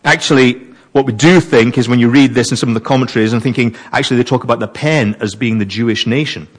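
A man preaches a sermon, reading verses and wondering aloud about what they mean, mixing the reading with animated asides. He is a fast talker with a medium-pitched voice.

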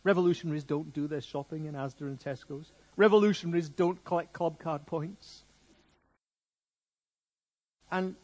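Guy giving a sermon, slightly high voice, chatty and funny. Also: moderate pace, long pauses. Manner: jokey, conversational, lively preaching. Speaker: preacher.

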